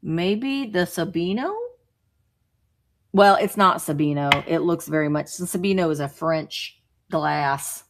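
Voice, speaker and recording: A woman's voice: sits low, takes it slowly, background noise. A woman selling vintage items in a live online auction, chatting playfully while she calls the lots.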